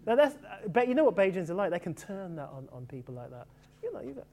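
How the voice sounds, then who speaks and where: A middle-aged man who grew up in England, telling stories about his sporting heroes in a lively, casual way. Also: high-pitched. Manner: animated, quick storytelling with fond asides. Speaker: author reflecting on cricket. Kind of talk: casual reminiscing talk.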